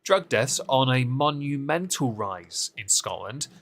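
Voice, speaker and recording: A man's voice: medium pitch, expressive, measured pace, fairly bright tone. Sarcastic man riffing on politics. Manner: sarcastic, mocking asides. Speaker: co-host of a political recap show. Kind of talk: casual live-stream political commentary.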